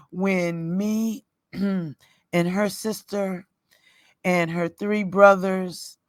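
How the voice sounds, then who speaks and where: A middle-aged woman telling a personal story in a casual storytime vlog, rambling and halting, often breaking into laughter. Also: on the low side, no echo. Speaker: roadside assistance worker.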